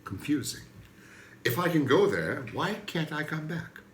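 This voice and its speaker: A man doing a stand-up comedy monologue, emphatic, leaping from loud outbursts to mutters. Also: on the high side, very animated, a little slow, reverberant, slight background noise. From Turkey.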